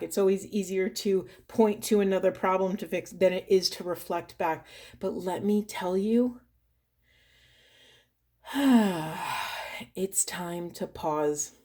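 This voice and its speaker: A woman, a spiritual coach, doing an oracle card reading to camera in a soft, earnest, heartfelt way that turns tearful. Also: medium pitch.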